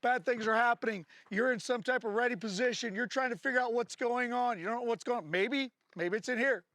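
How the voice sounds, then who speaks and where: A man with a strikingly high, bright and forceful voice runs a firearms training class. He explains drills in a loose, joking way, then snaps out short commands to the shooters. The sound is dry and close. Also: a little fast, no echo. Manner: barks short range commands, jokes between drills. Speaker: firearms instructor. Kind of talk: live training-class instruction.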